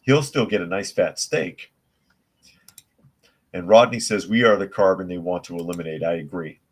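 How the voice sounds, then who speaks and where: A man's voice: sits low, moderate pace. A man hosting a live news podcast, reading articles and chat comments aloud and answering them with blunt, scoffing opinions. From United States.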